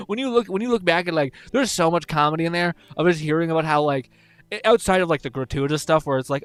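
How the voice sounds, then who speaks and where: A man's voice: on the high side, fast talker, smooth, no room sound. A young man streaming, rambling and swearing casually while reading chat, laughing often.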